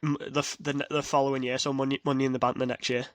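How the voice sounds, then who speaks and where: A man co-hosting a casual podcast, talking excitedly and rambling with frequent restarts. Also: mid-range voice, very fast, no echo. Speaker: podcast co-host. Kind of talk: casual chat. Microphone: podcast mic.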